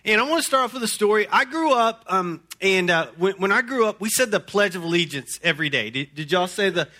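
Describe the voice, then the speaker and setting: A man preaching a sermon to a congregation, folksy and energetic, often repeating words as he talks. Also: high-pitched, brisk. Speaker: pastor.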